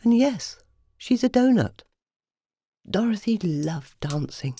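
A woman, a children's author, narrating a bedtime story in a playful, animated manner. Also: mid-range voice, takes it slowly, slightly rough. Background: soft music.

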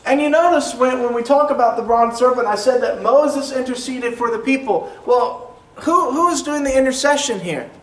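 Earnest preacher in a roomy church. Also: male voice, extremely high pitch, a bit bright. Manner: earnest, slows down to stress key phrases, repeats words as he restarts. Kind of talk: sermon. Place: church sanctuary. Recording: roomy echo, mic at a distance, faint room noise.

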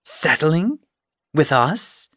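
Anxious young queen cat in an audiobook, high and fretful; a male narrator voices her. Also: normal speed, dry recording, studio quality, close to an everyday voice. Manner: fretful, worried.

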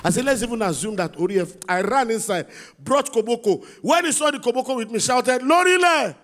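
Middle-aged Nigerian male comedian, high voice, lively storytelling on stage. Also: brisk. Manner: animated storytelling, acts out his son in a squeakier voice. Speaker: stand-up comedian. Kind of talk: stand-up comedy performance.

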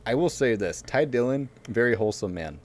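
A man's voice: mid-range voice, animated, brisk. A man co-hosting a racing podcast in casual chat, telling a long rambling story full of fillers and frequent laughs. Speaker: podcast co-host.

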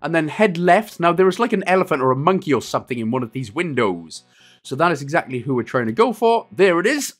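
A man in his thirties narrating a game walkthrough in a casual, rambling, joking way, his voice going a little hoarse. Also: on the high side. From Wales. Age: 30s. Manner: jokey, rambling, self-deprecating asides. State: losing his voice a bit. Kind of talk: casual gameplay walkthrough commentary.

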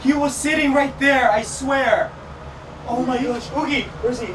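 A young man hosting a frightened ghost-hunt vlog in a dark house, jumpy and exclaiming and repeating himself. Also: extremely high pitch, steady tone, normal speed. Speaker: YouTube host. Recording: noisy home video.

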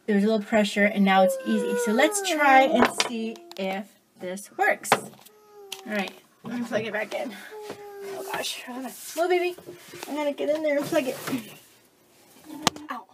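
A woman and mother filming a casual how-to vlog in her home kitchen, talking into an iPad she holds in one hand, chatty and bursting into excited cheers. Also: a little high, moderate pace, long pauses. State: out of breath. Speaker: home DIY vlogger and mother. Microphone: iPad held in one hand. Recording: noisy home recording.

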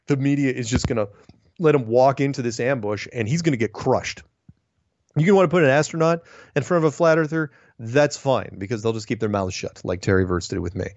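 A man talks casually as a host working through viewer mail, opinionated and rambling, often restarting his sentences. His mid-pitched voice is recorded dry and close. The sound is dull and lo-fi. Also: darkish tone, dry recording. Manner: chatty, opinionated ranting with frequent restarts. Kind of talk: casual monologue, reading emails aloud.

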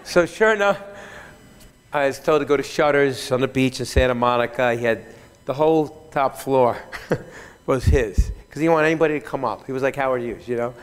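A man, a fitness trainer, telling stories in an animated, chatty way at a conference, often chuckling as he speaks. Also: mid-range voice, normal speed, clear, resonant tone. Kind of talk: keynote storytelling. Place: large conference hall. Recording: reverberant conference hall.

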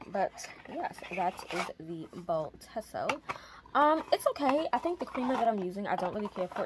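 A young adult woman chatting casually at home, relaxed and rambling with many ums. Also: medium pitch, heavy background noise. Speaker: vlogger. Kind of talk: casual chat.

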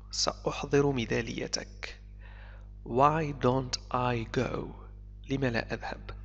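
Brief: male teacher, gravelly voice, slow and careful story reading, echoey lo-fi sound. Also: medium pitch, fairly bright tone. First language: Arabic. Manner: slow, repeats key words and phrases for learners. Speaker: English teacher. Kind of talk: reading a story aloud and translating it line by line. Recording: echoey, dull lo-fi recording.

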